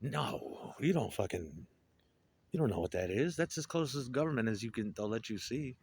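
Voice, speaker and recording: A man's voice: mid-range voice, animated, moderate pace, a little mellow, husky. A man telling profane, digressive stories in a casual rambling monologue, with a wry, joking manner. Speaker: storyteller.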